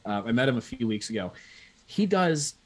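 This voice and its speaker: A man from Pennsylvania, a business coach and guest in a casual chat, who tells animated stories and acts out the people in them. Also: medium pitch, normal speed, breathy edge. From Pennsylvania, USA.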